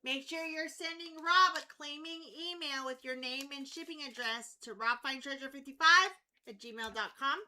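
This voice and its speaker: A woman's voice: high-pitched, moderate pace, bright, forceful tone. A woman co-hosting a live auction stream, giving payment and bidding reminders and teasing the host. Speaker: co-host handling auction rules and chat. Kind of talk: casual reminders and banter.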